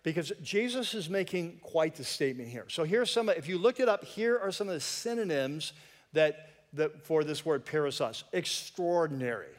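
A man's voice: on the high side, expressive, moderate pace. Male pastor, casual conversational sermon, lightly joking, church sanctuary echo. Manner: conversational, joking asides to the congregation. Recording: long reverb of a church hall.

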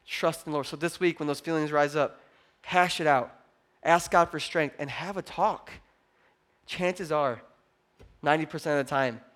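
A male pastor delivering a lively sermon with a notably high voice. He talks to the congregation like a friend, acting out little quoted voices. He swings between loud, pushing emphasis and quiet, low stretches. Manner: conversational, acts out quoted voices.

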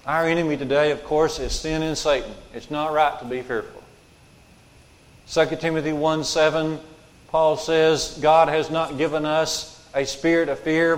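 A man preaching a sermon as pastor, emphatic and repeating his key lines for weight. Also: a little high. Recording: long hall reverb.

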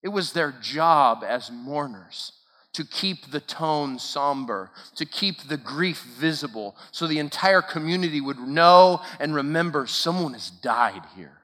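A man preaching a sermon at a camp, dramatic, swinging from loud emphatic peaks to hushed low asides and asking the listeners rhetorical questions. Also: expressive, a little slow. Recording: long hall reverb.

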